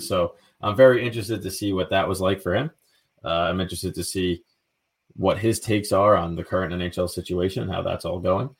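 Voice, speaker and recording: A man co-hosting a hockey podcast in a laid-back way, introducing the guest. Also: sits low. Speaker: podcast co-host. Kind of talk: casual chat.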